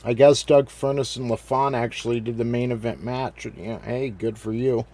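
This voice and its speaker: Male podcast host, casual wrestling recap, rambling, fillers, mid-pitched voice. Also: steady tone, normal speed, dark tone.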